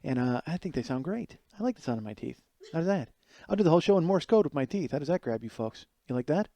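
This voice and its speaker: This fortysomething podcast host talks fast in a rather high, dark voice with big swings in pitch, recorded dry. His casual comedy monologue, taped late at night in a friend's kitchen, rambles, swears freely, and mocks others through put-on voices.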